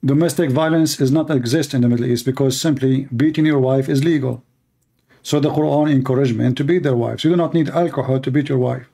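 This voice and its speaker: A man's voice: mid-range voice, fairly even intonation, brisk, gravelly, dark tone, slightly rough. A man answering viewer questions in a casual monologue, sarcastic and mocking, speaking English with non-native grammar. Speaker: online commentator answering questions.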